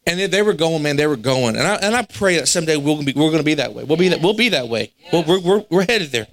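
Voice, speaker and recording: Animated preacher with a higher voice. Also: male voice, quick pace. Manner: animated, acts out quoted voices, laughs at himself. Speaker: pastor. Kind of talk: storytelling sermon. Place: church sanctuary.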